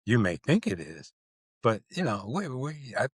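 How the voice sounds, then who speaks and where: A man co-hosting a podcast in casual chat, animated and playful, drawing out words for emphasis. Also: mid-range voice, measured pace, husky, dry recording, clean studio sound. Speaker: podcast co-host.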